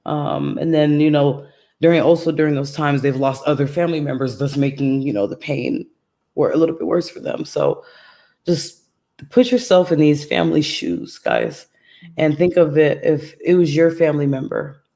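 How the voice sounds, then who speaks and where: A woman podcaster speaking as a guest in a calm, serene, soothing voice, soft-spoken with many fillers. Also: low voice, moderate pace, creaky. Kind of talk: casual interview chat.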